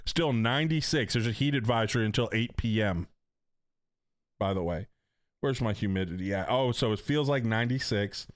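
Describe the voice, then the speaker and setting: A man's voice: lowish voice, expressive, moderate pace, dry recording, studio quality. A middle-aged man from North Carolina, chatting casually and joking with viewers on a gaming stream. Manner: chatty, joking, slangy, reads chat aloud. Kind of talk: casual live-stream chat.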